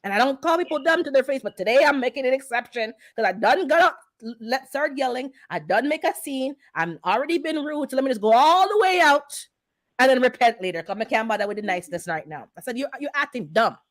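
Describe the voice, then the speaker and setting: A woman hosting a gardening channel, chatting casually and telling a story with animated, heated energy. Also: sits high, quick pace, no room sound, studio quality. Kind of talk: casual chat.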